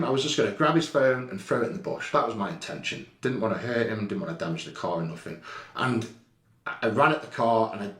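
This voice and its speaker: A blunt, heated middle-aged man tells his story in a casual, indignant way. His voice sits at an ordinary pitch. It carries a roomy echo, and he sounds a little back from the mic. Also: distant mic. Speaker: vlogger recounting an incident. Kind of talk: casual first-person account over CCTV footage.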